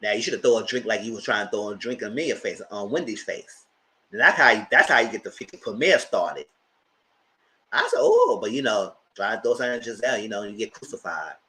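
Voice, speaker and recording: Man, bright tone, casual live review chat, blunt and slangy, animated. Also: lowish voice, brisk, poor audio. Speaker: host of a TV review channel.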